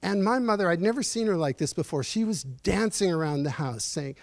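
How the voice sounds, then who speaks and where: A man in his sixties giving a personal storytelling lecture in a university auditorium, earnest and reflective, pausing as he speaks. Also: high voice, animated, no room sound. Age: 60s. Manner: earnest, reflective, halting with pauses. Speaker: guest speaker at a lecture series.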